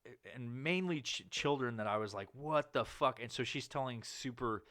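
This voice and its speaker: A man hosting a podcast, telling a long story in casual chat, swearing often and rambling with fillers. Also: normal speed. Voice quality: profane, rambling delivery with many fillers. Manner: acts out quoted people with sudden loud, higher outbursts. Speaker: podcast host.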